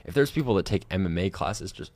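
Young male co-host, low voice, laid-back banter. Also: expressive, fast talker, a little mellow, slight background noise. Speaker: podcast co-host. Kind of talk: casual chat.

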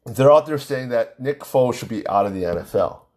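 A man's voice: medium pitch, lively intonation, fairly quick, a little mellow. A man hosting his own podcast, arguing emphatically and repeating himself, with rambling fillers. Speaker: podcast host. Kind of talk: solo sports podcast rant.

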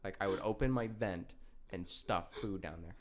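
A man's voice: low-pitched, moderate pace. A young man co-hosting a podcast, telling a story in casual chat, laughing and swearing often, with many restarts. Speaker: podcast co-host.

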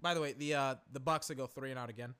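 Speaking quickly in a steady, medium-pitched voice that's pushed, bright and smooth, a young podcast host talks through a game from his home recliner. The live commentary is casual and rambling, with frustration, fillers and swearing throughout.

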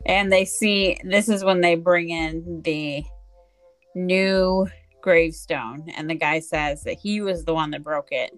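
A woman's voice: on the low side, takes it slowly. A woman co-hosting a podcast, chatting casually about a movie with short reactions and quips. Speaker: podcast co-host. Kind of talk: casual movie recap chat.

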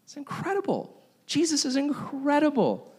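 A young man preaching a casual, conversational sermon and telling stories, animated and acting out his own reactions. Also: very high-pitched, normal speed. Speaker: pastor. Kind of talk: sermon with personal storytelling.

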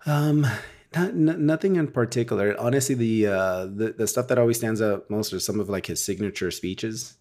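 Male guest, lowish voice, loose rambling storyteller, animated. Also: normal speed. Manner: rambling, animated storytelling with frequent tag questions. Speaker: podcast guest, real estate wholesaler. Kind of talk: casual interview chat.

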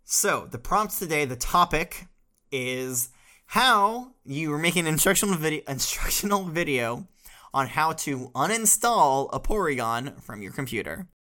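Man, teacher in a comedy sketch, rambling, laughing, bright clear voice. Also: a little high, very animated, measured pace. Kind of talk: playful improvised sketch comedy.

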